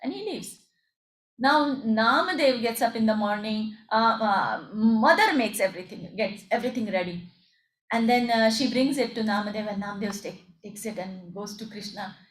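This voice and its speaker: High-voiced woman telling a devotional story. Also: normal speed. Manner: animated, acts out the characters' lines. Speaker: temple storyteller. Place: temple hall. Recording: echoey hall.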